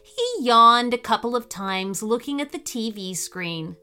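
A woman hosting and reading a children's story, cheerful and expressive, with faint music behind her. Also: fairly high pitch, unhurried. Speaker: host and storyteller.

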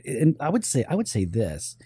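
Animated, mellow-voiced male pastor. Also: medium pitch, moderate pace, slightly rough, no room sound, studio quality. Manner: animated, thinking aloud with restarts. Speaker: pastor co-hosting a church talk show. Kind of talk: casual discussion answering listener questions.

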